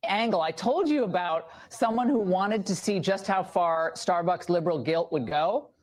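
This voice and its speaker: A woman hosting a TV news interview, animated and amused. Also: fairly low pitch, moderate pace. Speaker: TV news host.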